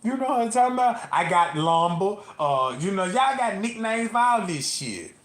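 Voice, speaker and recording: A man's voice: high voice, sing-song, moderate pace, a bit bright. A man telling loose, profane stories on a live stream, laughing often and tossing in constant asides. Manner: laughs often while talking. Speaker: livestream host. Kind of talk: rambling live-stream rant.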